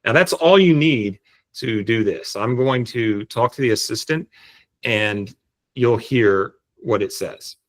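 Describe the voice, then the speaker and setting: A man explaining step by step how to set up an AI voice agent, speaking on a video call in a relaxed, explanatory way. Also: mid-range voice, takes it slowly. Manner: relaxed, explanatory, frequent restarts. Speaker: tutorial presenter. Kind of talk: screen-share software tutorial.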